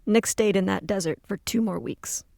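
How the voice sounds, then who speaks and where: A podcast host giving calm, reflective scripted narration and speaking directly to listeners. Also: medium pitch, normal speed, vocal fry, dry recording, clean studio sound.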